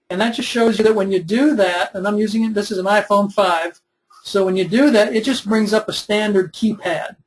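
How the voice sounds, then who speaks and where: A young web development instructor in his 20s, with a high voice, leads a recorded webinar demonstration. He explains step by step in a conversational way with fillers, and the recording is rough.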